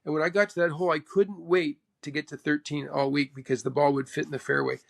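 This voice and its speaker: A man from Canada, a pro golfer, telling stories in an interview in an animated way, acting out what others said. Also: fairly high pitch, quick pace, vocal fry. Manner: animated, acts out the other person's speech. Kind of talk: storytelling interview.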